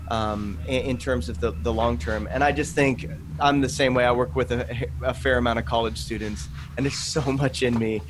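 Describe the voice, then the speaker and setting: A man in his late thirties talks earnestly as a podcast guest, spinning animated stories and voicing little quoted asides. His pitch sits mid-range. A faint noise stays under his voice. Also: normal speed, hardly any pauses. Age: 30s. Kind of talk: conversational interview.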